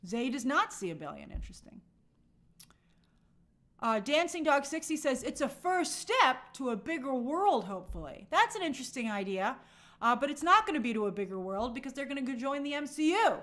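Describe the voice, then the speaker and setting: A woman's voice: high-pitched, very animated, brisk, a bit bright. Chatty woman hosting a live stream. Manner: casual, thinking aloud with frequent fillers. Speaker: host. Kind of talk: live-stream chat reading viewer comments.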